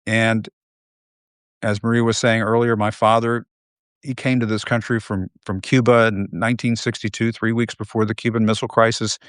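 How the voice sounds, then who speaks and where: Low-voiced guy hosting, fired up, stops and repeats himself a lot, dry sound. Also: little pitch movement, fairly bright tone, no echo. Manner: impassioned, halting, repeats himself. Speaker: host. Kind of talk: live video commentary.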